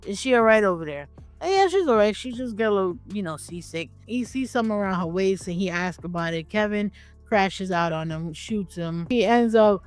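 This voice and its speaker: A woman's voice: medium pitch, lively intonation, brisk, soft background music. A woman co-hosting a casual film review, recapping the plot in a laid-back, swearing way.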